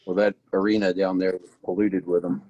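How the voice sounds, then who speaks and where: A man playing a tabletop game, telling his character's story in a relaxed way. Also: sits low, a little fast, highs cut off. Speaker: player. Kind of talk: tabletop role-play in character.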